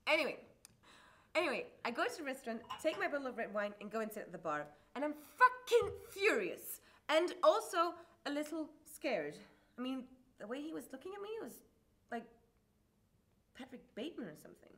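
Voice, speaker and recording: A woman's voice: sits high, big pitch swings, fairly quick, bright, forceful tone, full character voice. An actress playing a flamboyant single woman who dramatically recounts a disastrous date on stage, swearing freely. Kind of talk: live stage comedy storytelling.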